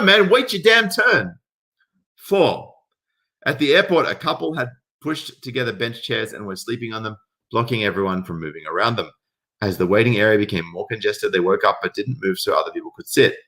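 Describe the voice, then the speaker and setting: A man reading viewer stories aloud and reacting with casual, profane rants that swing between calm reading and loud outbursts. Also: on the low side. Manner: swearing, rants loudly in bursts. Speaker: commentary host reading stories.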